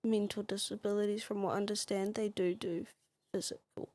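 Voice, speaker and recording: A woman's voice: medium pitch, little pitch movement, a little fast, dark tone, no echo. NZ woman as podcast guest, chatty and supportive, dry close sound. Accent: New Zealand. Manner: supportive, chatty, chimes in often. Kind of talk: casual chat.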